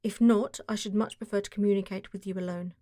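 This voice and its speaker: A woman reading the part of a masked foreign nobleman, formal and guarded, with a deep, harsh voice and a German accent. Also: steady tone, fast, dark tone, no echo, studio quality, lightly acted. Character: masked foreign nobleman, giant, haughty and secretive.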